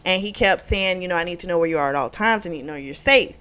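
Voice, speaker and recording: A woman's voice: fairly low pitch, quick pace, a bit bright, clear, resonant tone. A woman casually recapping a romance novel's plot, talking frankly with plenty of profanity and frequent laughs. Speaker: book reviewer. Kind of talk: casual spoken book recap.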